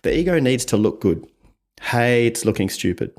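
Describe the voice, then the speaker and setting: Speaking at a normal speed in a sing-song, medium-pitched voice with a darkish tone, this Australian man is a communication coach. In a conversational podcast interview he explains ideas in steps, voicing quotes and laughing a lot.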